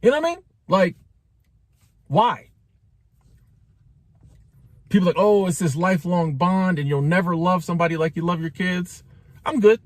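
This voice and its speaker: Man giving sassy opinions, slightly high voice. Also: animated, normal speed, long pauses, no room sound. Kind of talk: casual opinion monologue.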